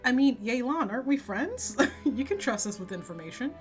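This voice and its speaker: A woman voicing a cool, secretive female spy in a game, reading her lines in a calm, measured, low-key way. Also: over loud music. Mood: sly.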